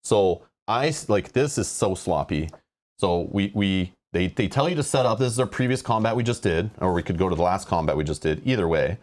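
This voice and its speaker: A man's voice: low voice, lively intonation, fairly quick. A man hosting a board game playthrough, reading rules aloud and rambling with exasperation about them. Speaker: host playing a board game.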